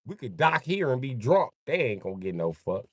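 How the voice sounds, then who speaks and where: A man's voice: medium pitch, big pitch swings, brisk, slightly rough, no echo, clean studio sound. A man rambling casually and joking on a livestream, swearing freely and laughing often.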